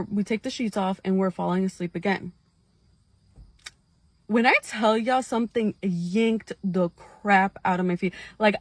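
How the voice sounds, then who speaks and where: A woman telling her own scary experience in a casual storytime, animated and full of fillers, talking straight to her viewers. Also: medium pitch, dry recording.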